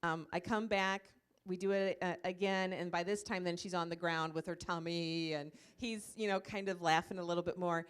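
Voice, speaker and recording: This church ministry leader, a woman, speaks at a normal speed in a lowish voice with fairly even intonation and a clean tone. Presenting a comfort dog to a church group gathered live in a meeting room, she rambles through a story in a relaxed way, using many fillers.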